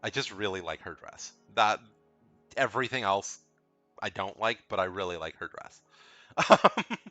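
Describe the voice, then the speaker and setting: A man's voice: lowish voice, lively intonation, moderate pace, pushed and bright, no room sound, faint music behind. A man giving casual, rambling commentary as he ranks video game characters, frank and blunt, often repeating himself. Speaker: video game tier list creator.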